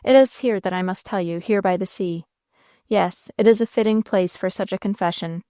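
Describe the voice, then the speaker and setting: A woman's voice: mid-range voice, normal speed, warm tone, dry recording, clean studio sound, natural voice. Woman voicing a distraught, sobbing young girl. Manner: sobbing, faltering.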